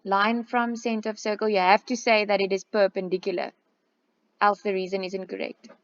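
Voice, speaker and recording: A woman's voice: mid-range voice, little pitch movement, a little fast. A woman with a South African accent, teaching a maths class and going over a test step by step, moving between English and Afrikaans. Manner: switches between English and Afrikaans while explaining; patient, step-by-step explaining. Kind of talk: classroom test review lesson. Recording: slightly dull, lo-fi recording.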